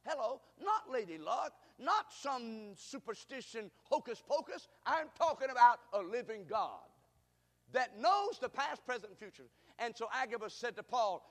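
A man preaching a sermon, emphatic, drawing the congregation into call-and-response and rising to shouts. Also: extremely high pitch, sing-song, moderate pace. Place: church sanctuary. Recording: reverberant hall.

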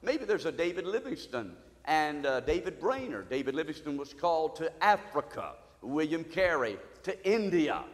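A man's voice: fairly high pitch, big pitch swings, moderate pace, few pauses, long reverb tail. A man preaching a sermon as pastor, fervent and exhorting, his voice rising as he urges the congregation. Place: church sanctuary.

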